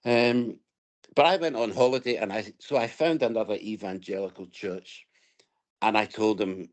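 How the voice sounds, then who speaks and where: A man's voice: lowish voice, normal speed. Scottish man telling his faith story. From Scotland. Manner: reflective, storytelling, hesitant restarts. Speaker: interview guest. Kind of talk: casual personal story.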